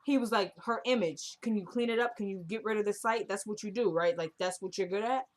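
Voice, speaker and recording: A young woman talks through a TV episode in a casual, animated way. She slips into the characters' lines as she tells it, and her voice sits at an ordinary middle pitch for a woman. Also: fairly quick. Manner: animated retelling, acts out characters' lines with voice shifts. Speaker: TV recap vlogger. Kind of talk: casual recap chat.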